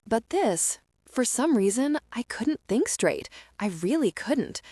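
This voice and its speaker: A woman's voice: a little high, big pitch swings, slow, dark tone, dry recording, clean studio sound. A young woman reading a first-person young adult audiobook in a wry, confiding and emotional way. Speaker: audiobook narrator.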